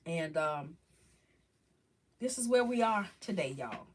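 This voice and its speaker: Halting, faith-filled woman chatting live. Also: fairly low pitch, expressive, slightly rough. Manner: halting, rambling, restarts often. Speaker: livestream host chatting with viewers. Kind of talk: casual live chat about faith and crafts.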